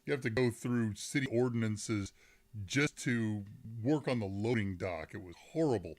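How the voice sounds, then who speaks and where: A man's voice: lowish voice, normal speed, darkish tone. A middle-aged man hosts a live tech Q&A stream from his desk microphone. He chats casually and rambles, often breaking off mid-sentence to restart. He reads the viewers' chat aloud and laughs as he goes.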